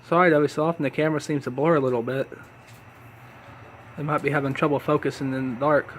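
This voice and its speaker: A congested man, sick for days, casually narrating as he films and feeds his pets at home, with relaxed, chatty talk and apologetic asides. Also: fairly high pitch, quick pace, a little hiss or hum. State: congested from illness. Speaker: pet keeper filming his animals. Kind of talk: casual narration while filming. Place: home, dimly lit room with tanks.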